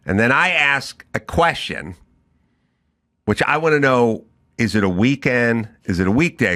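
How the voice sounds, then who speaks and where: A man's voice: on the low side, pushed and bright. A middle-aged man hosting a talk show, telling a comedic story and acting out both sides of the conversation. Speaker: podcast host.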